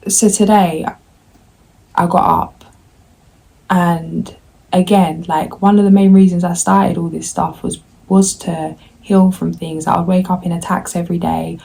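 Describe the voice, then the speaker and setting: A woman tarot reader talks candidly and at length to her viewers, rambling and slipping into her inner self-talk. Her voice sits low and gravelly, with a husky, mellow grain. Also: low-quality recording. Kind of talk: candid confessional vlog.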